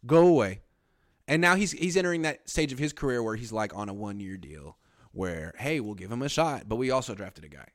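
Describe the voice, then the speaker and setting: A man's voice: lowish voice, very animated, brisk, fairly bright tone, no echo, clean studio sound. A man hosting a casual sports talk show, blunt and sarcastic, reading viewer comments aloud. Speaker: podcast host.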